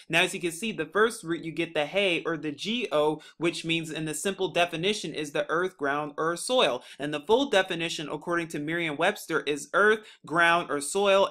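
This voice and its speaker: Insistent high-voiced man lecturing. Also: pushed and bright. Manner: insistent, rhetorical questions, emphatic repetition. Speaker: religious commentator. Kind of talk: preachy explainer video.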